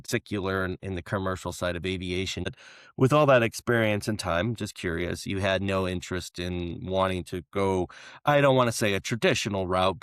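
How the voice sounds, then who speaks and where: A man hosting a casual interview, talking in a rambling, animated way and laughing often. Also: low voice, smooth, dry recording, clean studio sound. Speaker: podcast host.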